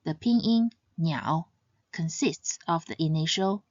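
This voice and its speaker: A woman teaching pronunciation in a scripted lesson, speaking slowly and carefully and stressing each example sound. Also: on the low side, a bit bright, no room sound, highs cut off. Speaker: language teacher.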